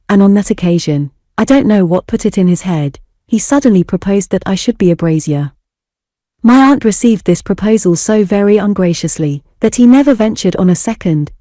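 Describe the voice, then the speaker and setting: A woman narrating an audiobook story for English learners in a steady, clear reading. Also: medium pitch, no room sound, studio quality.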